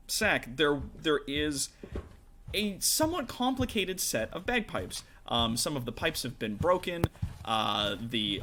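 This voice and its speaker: Man, game master, relaxed narration, bright voice, medium pitch, faint clicking noise. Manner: relaxed, laughs often, many fillers.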